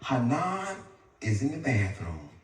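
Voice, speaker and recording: A man doing stand-up storytelling, animated and squealing in high voices when he acts out his family. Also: slow pace, heavy reverb, a little hiss or hum. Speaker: stand-up comedian. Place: live comedy stage. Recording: far-off mic with loud crowd laughter. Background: audience laughter.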